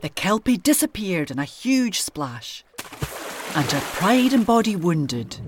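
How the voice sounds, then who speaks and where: Give me a woman narrating a bedtime story with lots of pitch movement. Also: takes it slowly, background noise. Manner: expressive, animated storytelling. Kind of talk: children's story reading.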